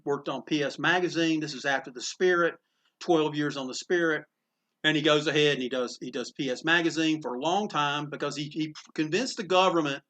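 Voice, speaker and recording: Comic shop owner, man, bright tone, rambling anecdotal storyteller, frequent restarts. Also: on the high side. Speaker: comic book store owner.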